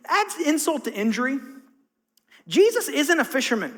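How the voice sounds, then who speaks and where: A man's voice: very high voice, very animated, moderate pace, long pauses, a bit bright, big-room sound. A man preaching a conversational sermon as a pastor, acting out the voices in his story. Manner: conversational, acts out quotes.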